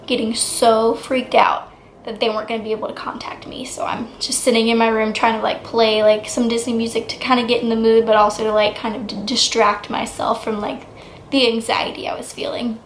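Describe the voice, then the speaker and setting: A woman's voice: on the high side, a little hiss or hum. Chatty young woman, echoey room. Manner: chatty and excitable, many "like" fillers. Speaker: vlogger. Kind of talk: casual vlog storytelling.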